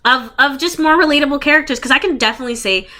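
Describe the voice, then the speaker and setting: Woman, podcast co-host, bright voice, chatty, casual chat, lots of "like". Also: high-pitched, racing. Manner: chatty, fills with "like". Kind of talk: casual chat about movies.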